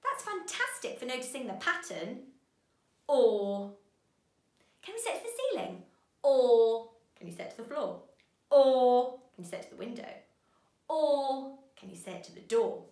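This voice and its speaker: Lively, animated woman teaching kids phonics. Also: on the high side, very fast, hardly any pauses, reverberant. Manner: bright, encouraging, sing-song praise to young children. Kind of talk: children's phonics lesson.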